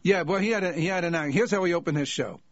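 An older man, a comedian guest, telling anecdotes in a lively way and laughing as he goes. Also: on the high side, fast talker, no echo. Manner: lively, laughing as he tells stories. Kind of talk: anecdotal storytelling. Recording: dull dry lo-fi sound.

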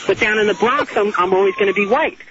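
A man's voice: high voice, quick pace. A man calling in to a radio show, ranting animatedly and laughing. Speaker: caller. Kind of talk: call-in radio chat. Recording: muffled phone call with line noise.

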